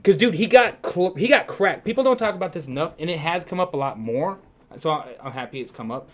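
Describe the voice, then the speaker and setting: Excitable, foul-mouthed podcast bro. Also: male voice, fairly high pitch. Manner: excitable, swears freely, slips into quick mock voices. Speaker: podcast co-host. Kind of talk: casual podcast chat.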